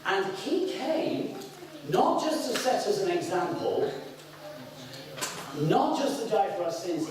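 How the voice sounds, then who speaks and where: A middle-aged man from the north of England with a Lancashire accent, preaching a sermon in an animated way with sudden whoops. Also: sits high. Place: church hall. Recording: echoey hall, mic at a distance.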